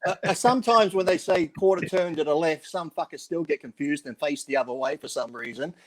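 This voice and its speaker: Animated man telling stories. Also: a little high, fairly quick, a crowd in the background. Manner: animated storyteller acting out quotes, swears freely. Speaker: bodybuilding radio show regular. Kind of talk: casual chat, storytelling.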